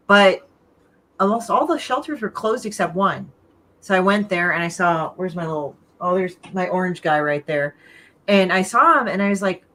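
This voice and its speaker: A woman's voice: lowish voice, normal speed, sharp tone, slight background noise. A woman co-hosting a casual video call chat, rambling and swearing freely.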